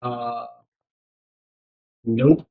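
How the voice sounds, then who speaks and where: A man's voice: mid-range voice, fairly even intonation, extremely slow, creaky. A man narrating a tabletop game as game master, rambling with many fillers. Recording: dull lo-fi recording.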